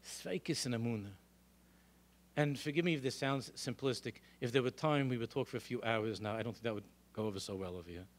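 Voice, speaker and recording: A middle-aged male rabbi lecturing a congregation in a synagogue, telling animated stories and throwing out rhetorical questions. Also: mid-range voice, a little fast. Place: synagogue hall.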